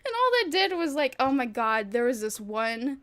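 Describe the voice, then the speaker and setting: A woman's voice: high-pitched, very animated, moderate pace, fairly bright tone. A woman VTuber chatting casually on a livestream, rambling and thinking aloud with frequent giggles. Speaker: VTuber streamer.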